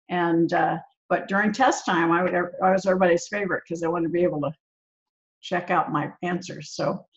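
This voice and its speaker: A woman hosting a podcast, jumping in with reflective, chatty asides. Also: lowish voice. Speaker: podcast host. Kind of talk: conversational interview. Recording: dull lo-fi sound.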